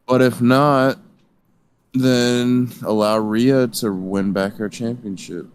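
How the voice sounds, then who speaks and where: A man co-hosting a casual wrestling chat over an online call. He thinks aloud, hesitant and unhurried. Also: mid-range voice, steady tone. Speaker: co-host.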